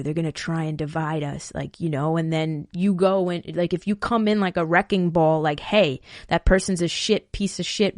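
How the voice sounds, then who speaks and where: A woman's voice: medium pitch, a little mellow, no echo, clean studio sound. A woman hosting a podcast, answering listener questions in casual, blunt talk, swearing freely and repeating words as she gets fired up.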